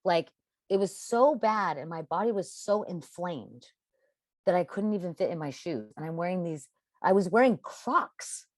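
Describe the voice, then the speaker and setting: A woman's voice: lowish voice, expressive, normal speed, no echo. A middle-aged woman, a podcast guest, telling her personal story in an emphatic, confessional way with dramatic stresses.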